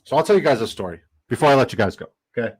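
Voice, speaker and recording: A young man telling a story on his live stream in a casual, animated, rambling way, filling his talk with "like". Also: medium pitch, racing, breathy edge. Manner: animated, rambling, heavy use of "like".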